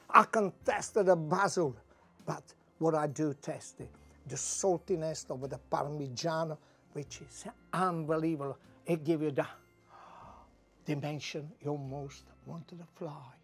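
A man's voice: fairly high pitch, husky. A man with an Italian accent demonstrating a recipe as a chef, exuberant and exclaiming in broken English beside a wood-fired oven. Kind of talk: cooking demonstration.

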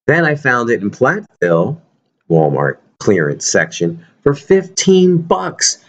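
A man's voice: fairly low pitch, sing-song, measured pace, fairly bright tone, dull audio. A man vlogging casually to his viewers about his toy collection, rambling and joking. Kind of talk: casual chat to camera.

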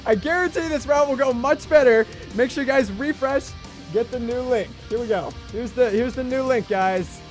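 Young guy streaming a game, super high voice, gets loud and excited then grumbles, music going behind. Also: moderate pace. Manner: excitable, swings from shouting to grumbling. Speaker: gaming livestreamer. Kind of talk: livestream gameplay commentary.

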